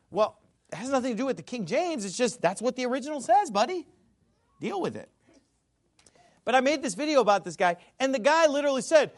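A man with a high voice that swoops all over as he talks. He gives an emphatic, scornful monologue, repeating words as he pushes ahead, and breaks into loud shouts. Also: sing-song, fairly quick. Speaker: Bible commentator. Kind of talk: animated video monologue.

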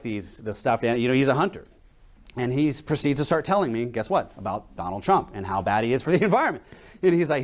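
A young adult man preaching a sermon in a conversational way, telling stories and asking rhetorical questions. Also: medium pitch.

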